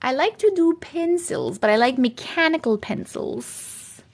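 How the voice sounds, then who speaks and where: A woman with a New York accent chats loosely on a live stream, hopping from one thought to the next and laughing often. Her voice sits a little high. She talks in a relaxed, unscripted way as the host. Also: a little slow. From Long Island, New York. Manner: rambling, chatty, scattered. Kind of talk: casual live-stream chat.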